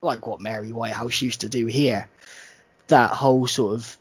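A man co-hosts a casual podcast with a husky, slightly breathy voice. He sounds sleepy but stays lively and swears freely. The sound is dry and close, with no room echo. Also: mid-range voice, normal speed. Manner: sweary, animated, mimics people in silly voices. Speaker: podcast co-host. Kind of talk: casual chat.

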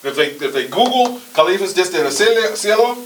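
Male podcast host, easygoing, lively pitch, faint noise under the voice. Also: a little fast, low-quality recording. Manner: easygoing, laughs along, interviewing. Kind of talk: casual chat.

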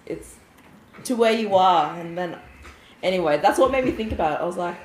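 A woman's voice: medium pitch, brisk. A woman co-hosting a podcast, telling stories animatedly with frequent laughter, recorded in an echoey room with faint noise. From Australia. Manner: animated storyteller, laughs often. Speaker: podcast co-host. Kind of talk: casual chat.

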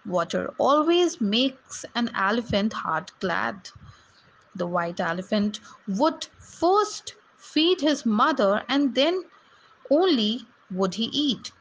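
A woman reading a storybook tale aloud to schoolchildren, slowly and carefully, with small slips. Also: fairly high pitch, very animated. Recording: dull, lo-fi recording with faint noise.

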